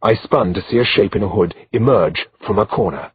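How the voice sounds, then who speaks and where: A man reading a medieval novel aloud as an audiobook narrator, in a steady, measured way. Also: on the low side, husky, muffled recording.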